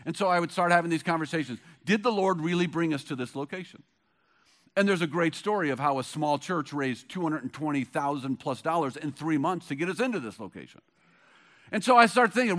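High-voiced man preaching a sermon. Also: animated, fairly quick, a bit bright. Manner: conversational storytelling with bursts of emphasis. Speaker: pastor.

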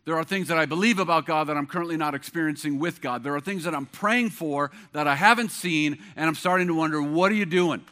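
A man's voice: a little high, quick pace, few pauses, bright, forceful tone. A middle-aged man preaching a sermon as pastor, with an emphatic, repetitive cadence.

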